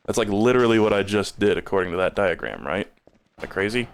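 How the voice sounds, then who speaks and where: A man's voice: fairly low pitch, lively intonation, fast, smooth. A man streaming a game, rambling in casual commentary and stumbling over repeated words when he gets stuck.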